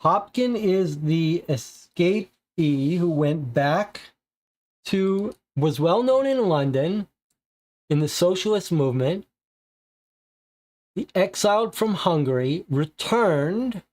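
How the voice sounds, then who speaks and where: A player reading aloud and thinking out loud through a cooperative detective board game. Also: mid-range voice. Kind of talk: narrating and musing over a co-op board game.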